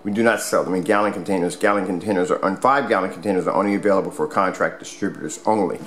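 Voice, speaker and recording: A man's voice: deep voice, fairly even intonation, rapid-fire, a bit bright, slight background noise. A man casually demonstrating a product at home, rambling with many fillers and restarts. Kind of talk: casual product demo vlog. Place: home room with squeaky floors.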